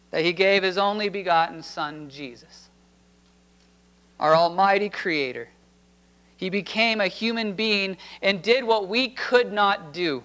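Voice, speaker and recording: A man preaching a sermon, reading scripture in a slow, deliberate cadence. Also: high-pitched, fairly bright tone, poor audio. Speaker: pastor.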